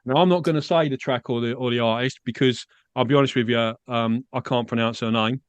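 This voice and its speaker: A man's voice: mid-range voice, a little fast, clear, resonant tone, dry recording. Man, podcast host, easygoing, dry close sound. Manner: relaxed, frequent agreeing backchannels. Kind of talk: casual podcast interview.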